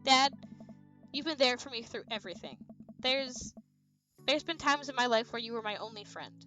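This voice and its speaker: Woman voicing a teenage daughter, soft and heartfelt, high bright voice, game dialogue. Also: moderate pace, faint music behind. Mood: tender. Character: teenage daughter about to leave for college.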